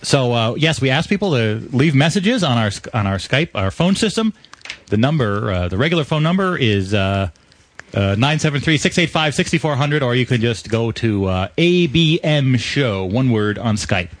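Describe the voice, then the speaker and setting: A man's voice: medium pitch, very animated, normal speed. A man hosting a podcast in casual banter, reading out the show's messages and protesting with exasperation. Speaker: podcast host.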